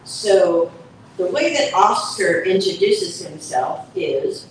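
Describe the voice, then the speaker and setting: Slow woman reading a picture book aloud. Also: on the low side, expressive, noisy background. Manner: slow, explanatory storytelling with asides. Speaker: author reading her book. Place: event hall at a book fair. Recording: echoey event hall from far off.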